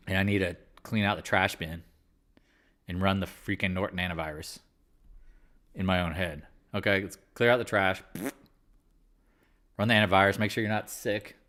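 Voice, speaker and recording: A man's voice: deep voice, a bit bright. A man hosting a live market chat, talking candidly and rambling, with casual swearing. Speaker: livestream trading host.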